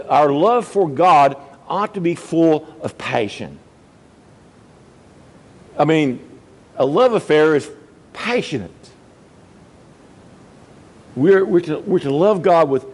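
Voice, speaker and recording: Middle-aged Baptist pastor mid-sermon, slightly raised voice, drops low then climbs to fervent highs. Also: male voice, a little mellow, low-quality recording. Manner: swings from low murmurs to high emphatic peaks.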